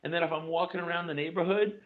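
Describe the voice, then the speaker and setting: A man, co-hosting a casual podcast chat and telling rambling, animated stories with plenty of swearing. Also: on the high side, quick pace, phone-quality sound. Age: 40s. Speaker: podcast co-host.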